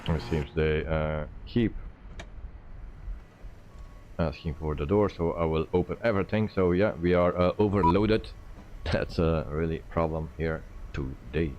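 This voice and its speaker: Man, very low voice, faint background hum, casual stream talk, many fillers. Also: highs cut off. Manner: relaxed, thinking aloud with many "uh" pauses. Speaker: flight sim streamer. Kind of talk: live-stream commentary.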